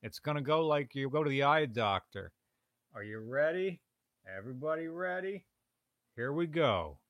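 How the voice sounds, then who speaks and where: A man's voice: on the high side, lively intonation, moderate pace, a bit bright, no room sound. A young man from Pennsylvania, co-hosting a live stream in casual, playful chat. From Pennsylvania, USA. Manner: playful, chatty, runs audience audio checks. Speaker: stream co-host.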